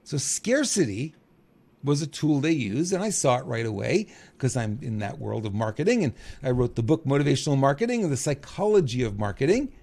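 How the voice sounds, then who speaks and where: A middle-aged man talking in a casual monologue as a podcast host, animated and chuckling, acting out quotes. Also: brisk, gravelly. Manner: animated, acts out quotes with big pitch jumps, chuckles.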